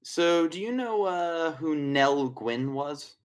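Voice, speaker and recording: A man's voice: on the high side, lively intonation, takes it slowly. Man, game master, casual rambling narration, tabletop game. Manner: casual, rambling, swears, many fillers.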